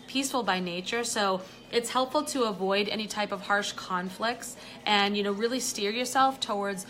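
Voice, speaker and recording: A chatty woman gives a live angel card reading and greets her viewers between cards. Her voice is bright and forward, with a faint hiss of noise underneath. She talks loosely and fills gaps with "you know.". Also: mid-range voice.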